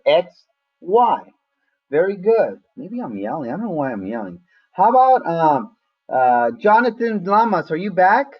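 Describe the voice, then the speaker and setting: A man's voice: high-pitched, husky, dull audio. Casual man teaching math online. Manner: casual, talks to students by name. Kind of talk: online class lecture.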